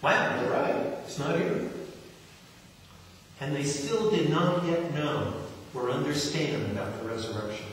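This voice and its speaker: A man's voice: on the high side, a little slow, long pauses, a little hiss or hum. A man from New Jersey preaching a sermon as pastor, talking conversationally and acting out quotes. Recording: echoey hall, distant mic.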